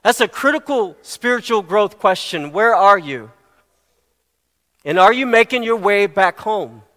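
A man's voice: sits high, expressive, unhurried, sharp tone, in a large hall. A middle-aged man preaching a sermon, earnest and fond of repeating his questions for emphasis. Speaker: pastor.

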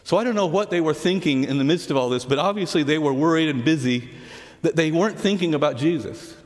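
A man with a slightly high voice preaches a sermon in a hall with a long, lingering echo. He tells the story earnestly. He drops to soft, hushed words when he reaches the key lines. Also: quick pace. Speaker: pastor.

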